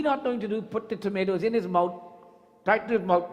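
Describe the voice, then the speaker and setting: High-voiced man telling a temple sermon story. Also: fairly quick. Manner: lively storyteller who acts out the story voices. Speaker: Hindu temple priest. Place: temple hall. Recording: long reverb in a temple hall.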